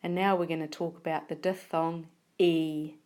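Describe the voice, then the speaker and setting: A woman teacher giving a phonics lesson, sounding out words slowly and carefully. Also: low voice, flat delivery, a little mellow. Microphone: tablet recording.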